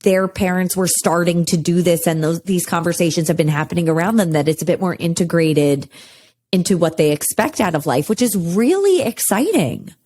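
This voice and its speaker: Woman podcast host, animated pitch, reflective and chatty. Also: moderate pace. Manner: reflective, uses many fillers. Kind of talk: casual interview chat.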